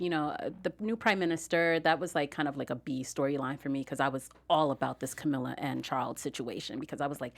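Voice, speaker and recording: Lively woman hosting a TV recap. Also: low voice. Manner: laughs easily, chatty and enthusiastic. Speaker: host. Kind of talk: casual TV recap chat.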